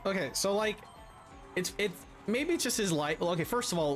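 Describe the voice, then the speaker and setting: Male co-host, high and lively pitch, crude and mocking, heavy filler words. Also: normal speed, faint music behind. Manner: sarcastic, swears a lot, many fillers. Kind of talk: mocking reaction commentary.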